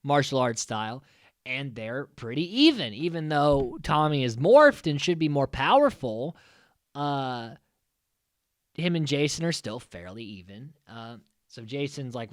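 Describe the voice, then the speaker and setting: A man's voice: mid-range voice, very animated, measured pace, dry recording, studio quality. A man hosting a podcast, recapping an old episode in a rambling, sarcastic way full of "like" and "uh". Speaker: podcast host.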